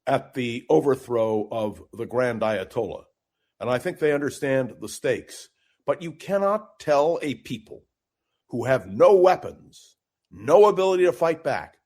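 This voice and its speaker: A man's voice: mid-range voice, slightly rough. A man speaking as a guest political commentator on a talk radio show, impassioned and emphatic, as if giving a speech.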